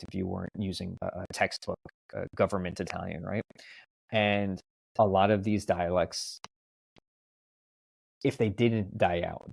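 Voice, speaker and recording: A man in his thirties, a podcast guest, talking in a discursive, animated way in a relaxed interview. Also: low voice, creaky, dry recording. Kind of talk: casual conversational interview.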